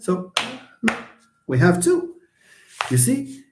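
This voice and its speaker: A Moroccan-accented man with a high-pitched voice delivers an online class lecture, moving slowly and pausing often, in a reverberant space. He's animated, mixes English, French, and Arabic, and answers his own questions.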